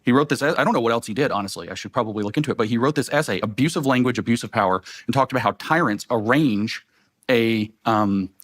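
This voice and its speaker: A man in a conversation who explains ideas in a quick, lecturing flow and corrects himself as he goes. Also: mid-range voice, fairly bright tone, dry recording. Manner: fast, lecturing, self-correcting. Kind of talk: intellectual discussion.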